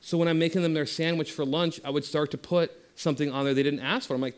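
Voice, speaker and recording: A man giving a spiritual talk that moves from passionate teaching into a soft, slow guided meditation. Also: on the high side, fairly even intonation, smooth.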